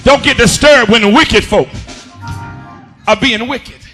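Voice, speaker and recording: A male pastor delivers a sermon in a church, his voice pitched very high and ringing bright. He shouts and half-sings his phrases in a rising preaching cadence and keeps calling on the congregation to respond. Faint music plays underneath. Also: slow pace. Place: church sanctuary.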